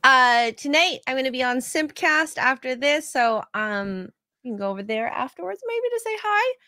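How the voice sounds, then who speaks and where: A woman's voice: high-pitched, expressive, moderate pace, pushed and bright, dry recording, clean studio sound. A woman producer chatting casually and upbeat on a live stream. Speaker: show producer.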